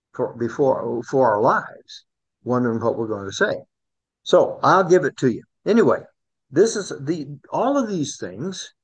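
A man's voice: medium pitch, fairly bright tone, husky. A man teaching a Bible study class in a conversational way, often repeating words and asking the group questions. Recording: dull lo-fi recording.

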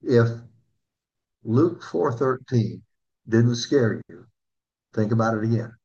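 Through a dull, lo-fi recording comes a sermon from a male pastor whose mid-range voice is husky, slightly breathy, warm and animated. Speaking earnestly, he questions his audience and eases his pace to read scripture.

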